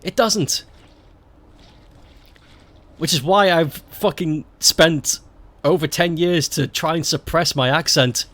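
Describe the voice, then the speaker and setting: Slow-talking, swearing man streamer. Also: on the high side, a bit bright. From Stoke-on-Trent, England. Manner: swears a lot, laughs often, rambling and candid. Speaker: game streamer. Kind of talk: casual live-stream chat while gaming.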